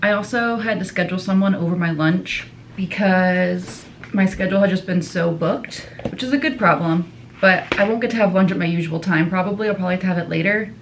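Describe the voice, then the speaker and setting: A woman's voice: lowish voice, brisk, a little hiss or hum, rough recording. A woman, a dietitian, chatting casually to her viewers in a day-in-the-life vlog. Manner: chatty, talks straight to viewers. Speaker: outpatient dietitian vlogger.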